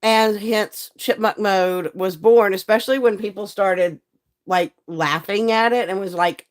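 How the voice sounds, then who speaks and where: A hoarse, croaky woman, hosting a live stream in folksy, chatty talk and greeting viewers by name. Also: mid-range voice, fairly even intonation, unhurried. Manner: chatty, folksy, laughs often. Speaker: livestream host and seller.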